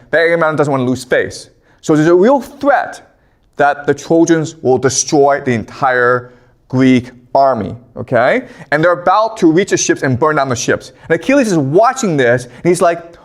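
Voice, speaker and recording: A man giving a casual storytelling history lecture, animated, often checking in with "okay?". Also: a little high.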